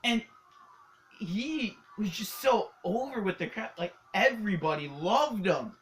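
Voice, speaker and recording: A hockey vlogger from Canada giving a casual, excitable recap, rambling with lots of fillers and laughs. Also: mid-range voice, measured pace, slight background noise, low-quality recording.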